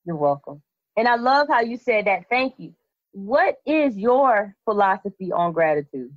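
A woman's voice: medium pitch, big pitch swings, normal speed, no echo. A woman podcast host telling a Bible story casually, acting out the characters with slangy quoted voices. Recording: dull lo-fi, dry sound.

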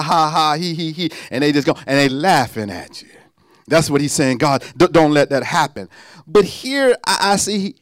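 Preaching a sermon, a man uses a high, very lively voice that rises nearly into song before dropping to a hushed murmur. He speaks in an easygoing Southern Black manner, and the sound is dry, close, and echo-free.

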